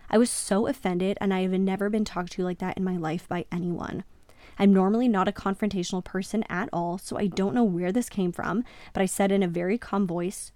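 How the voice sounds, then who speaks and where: Woman, podcast host, mid-range pitch, dry close sound, reads a listener's story aloud, lively emphatic reactions. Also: moderate pace, no room sound. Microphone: podcast microphone.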